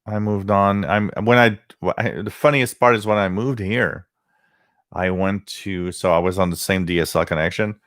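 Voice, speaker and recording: A man's voice: sits low, steady tone, moderate pace, a bit bright, no echo, studio quality. A man, hosting a livestream, telling rambling stories and greeting viewers by name in casual chat. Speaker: livestream host.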